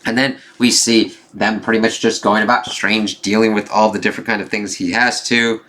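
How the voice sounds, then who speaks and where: This casual comic review comes from a man whose lowish, sharp voice holds a fairly flat pitch at a normal pace. He retells the issue in a loose, chatty way, peppered with fillers and curses, and reads the quoted lines aloud largely in his natural voice.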